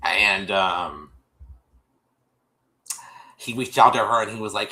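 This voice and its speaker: A man's voice: fairly low pitch, measured pace, long pauses, pushed and bright, rough recording. A man hosting a stream, casually retelling a TV episode to his viewers, rambling with many restarts and calling them y'all. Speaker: show host recapping an episode. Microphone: streaming setup microphone.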